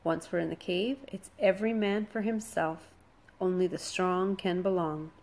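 A commanding young Viking bully barks and sneers at the boys around him in this storybook scene. His voice pushes a little louder and higher than the reader's own, as a woman puts him on. His manner is menacing and full of himself. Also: fairly even intonation, normal speed. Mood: bossy. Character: bossy bullying Viking boy, loud. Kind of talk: storybook reading.

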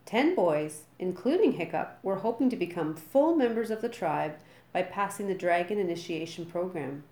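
A woman reading a children's storybook aloud with lively, dramatic delivery. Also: lowish voice, moderate pace, reverberant.

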